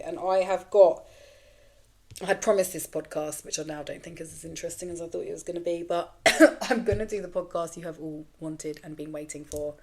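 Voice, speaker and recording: A woman in her forties hosting a podcast, talking candidly and rambling in a raw, tearful state, swearing freely. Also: lowish voice. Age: 40s. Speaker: podcast host. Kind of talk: casual confessional monologue.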